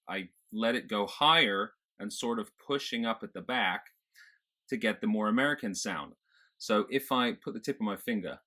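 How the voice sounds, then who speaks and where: A man's voice: fairly low pitch, bright, forceful tone. A man with a British accent, a speech coach explaining in a video tutorial how sounds feel in the mouth, thoughtful and descriptive. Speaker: accent and public speaking coach.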